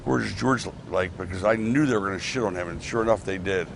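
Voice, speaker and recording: Speaking quickly in a low, creaky voice, a middle-aged man who once promoted wrestling rambles through backstage stories in a casual interview. He restarts often and acts out other people's lines. His clip-on mic carries a little hiss or hum.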